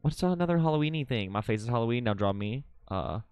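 A man streaming live while drawing, chatting casually with viewers, excitable, swearing a lot and laughing often. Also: mid-range voice, quick pace, clean tone, no room sound.

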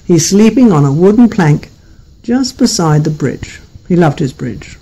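Gentle high-voiced male storyteller. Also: expressive, breathy edge, poor audio. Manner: gentle, unhurried and playful. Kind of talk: told folk tale.

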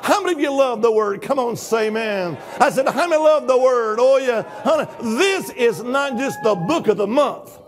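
An older man preaching with shouted hallelujahs, acting out dialogue from his story. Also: very high-pitched, animated, normal speed, few pauses. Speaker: guest preacher. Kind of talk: Pentecostal-style sermon.

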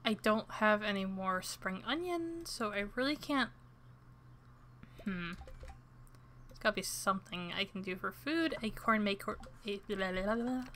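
A woman comments on her own gameplay in a loose, chatty way and pokes fun at herself. Her voice is bright and forward, with a middle pitch. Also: expressive, unhurried, a little hiss or hum. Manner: chatty and self-deprecating. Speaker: game streamer. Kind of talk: let's-play commentary.

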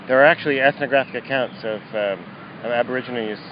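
A man's voice: mid-range voice, fast. A man, a professor, answering interview questions outdoors in a friendly, matter-of-fact, explanatory way. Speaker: guest professor. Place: outdoors by a river path. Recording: dull lo-fi audio with faint outdoor noise.

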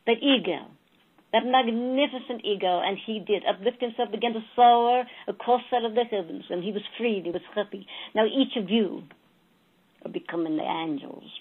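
A woman channeling a spiritual message, telling a fable slowly and calling her listeners beloved souls. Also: medium pitch, breathy edge. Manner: slow, storytelling, addressing listeners as beloved souls. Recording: tinny phone-like audio.

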